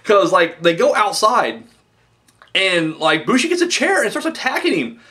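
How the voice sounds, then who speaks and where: A man's voice: high voice, big pitch swings, moderate pace, bright, forceful tone. A man casually reviewing a wrestling show, rambling and swearing, with lots of fillers and "dude.".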